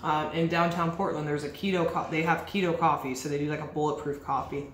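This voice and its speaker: Woman, casual food vlog, lowish voice, echoey room, faint background hum. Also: steady tone, quick pace. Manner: chatty, enthusiastic food tasting. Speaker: vlogger. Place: bakery, indoors.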